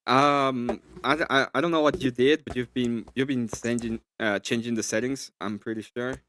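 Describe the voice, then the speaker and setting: A man's voice: medium pitch, steady tone, normal speed, a bit bright. A man on a live stream, joking around and stammering a little while helping fix a technical problem. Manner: joking, stammering, laughs often. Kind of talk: casual live-stream banter.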